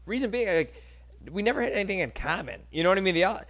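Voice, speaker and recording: A man's voice: high-pitched, quick pace. A man in his thirties with a New York accent, hosting a casual interview and telling stories with acted-out quotes and frequent laughs. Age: 30s. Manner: animated storyteller, acts out quotes, laughs often. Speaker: host.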